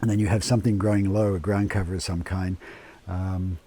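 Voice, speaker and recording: Speaking indoors at home in a low, husky voice, an eco lodge owner and permaculture gardener gives a casual interview. His pace is unhurried and relaxed, marked by frequent fillers and restarts.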